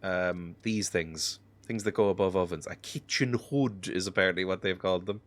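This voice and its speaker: A man's voice: deep voice, normal speed. A sick man giving rambling, self-mocking commentary while playing a game, chuckling often. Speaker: gaming video host. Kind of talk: casual let's-play commentary.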